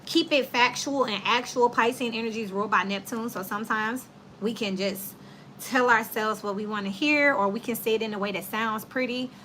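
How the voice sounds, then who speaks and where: Blunt, laughing woman reading tarot, bright tone. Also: fairly high pitch, brisk, slight background noise. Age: adult with children. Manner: blunt, animated, slangy, laughs often. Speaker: tarot reader. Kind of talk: casual tarot reading to viewers.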